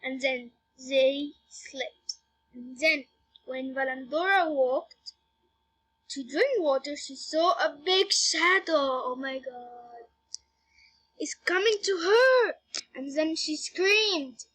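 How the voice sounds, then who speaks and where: A woman reading her own story aloud, halting and stopping to correct herself. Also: high-pitched, a bit bright.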